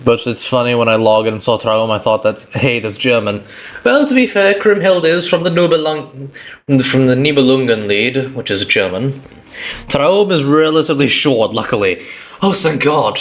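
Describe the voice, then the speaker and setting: A man's voice: mid-range voice, normal speed, faint music behind. A man with a British accent, a tired streamer chatting casually on a live stream, rambling and correcting himself as he goes.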